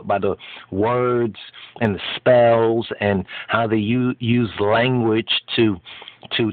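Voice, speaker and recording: A man's voice: medium pitch, no echo. Preachy man on a tinny line. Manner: emphatic, preachy, repeats and restarts phrases. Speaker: commentator. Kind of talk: impassioned spoken commentary on an article. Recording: tinny phone-like dry sound.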